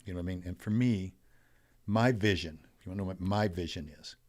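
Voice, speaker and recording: An older man, a guest on a podcast, telling an animated story about business and mindset, his voice swelling and dropping as he makes his point. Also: deep voice, fast. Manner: animated storyteller, rising and falling in loudness. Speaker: podcast guest, wealth coach.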